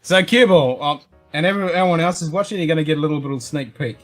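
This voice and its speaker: An Australian man hosting a casual whisky livestream, loud and laughing, swearing freely. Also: fairly high pitch, fast talker, faint music behind. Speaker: show host.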